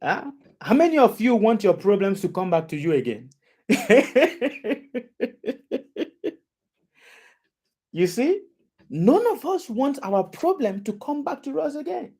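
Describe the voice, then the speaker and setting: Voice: medium pitch, big pitch swings, moderate pace, mellow. A preacher delivering a sermon, repeating phrases and asking the audience questions again and again.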